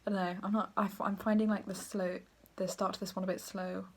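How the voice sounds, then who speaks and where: A woman's voice: mid-range voice, flat delivery, fast. Brief: southern english woman, 20s, rambling home book vlog, giggly, slips into whispers. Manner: chatty and rambling, laughs often, sometimes drops to a whisper. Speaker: book vlogger. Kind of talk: casual vlog chat. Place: at home, moving between rooms.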